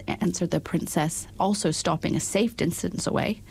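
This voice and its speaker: A woman narrates a children's storybook in a measured, expressive way. Her voice sits on the lower side and has a husky, breathy texture.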